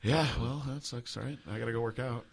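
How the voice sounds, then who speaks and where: A man's voice: medium pitch, quick pace, vocal fry, husky. A man hosting a podcast, telling stories in a casual, rambling way, full of "like" and swearing. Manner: rambling, heavy "like" filler, profane. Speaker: podcast host. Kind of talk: casual storytelling chat.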